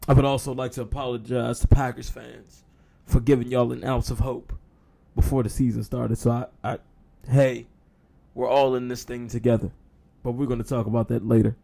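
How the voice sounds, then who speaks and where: Man, sports show host, gravelly voice, sarcastic, casual, mid pitch. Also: little pitch movement, moderate pace, warm tone. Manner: sarcastic, mock-apologetic, uses y'all.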